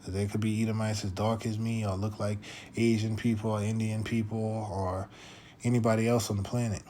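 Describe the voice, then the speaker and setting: A man's voice: on the low side, little pitch movement, fairly quick, dark tone, a little hiss or hum. A man giving a scripture lesson, reading verses aloud and often checking in with "okay?" and "all right?". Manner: reads verses aloud in older biblical wording. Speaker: religious teacher. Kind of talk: scripture teaching.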